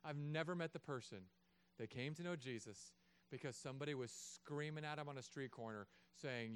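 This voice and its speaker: A pastor in his thirties preaches with a high, smooth, resonant voice. He jokes and acts out little voices as he goes. The sermon is given in a church. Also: moderate pace. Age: 30s. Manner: animated, joking, acts out voices.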